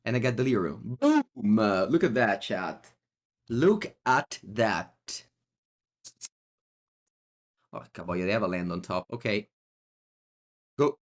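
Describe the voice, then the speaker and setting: A man's voice: on the low side, normal speed. A man with an Italian accent giving live, chatty commentary as he plays, talking to himself and to his chat. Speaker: streamer.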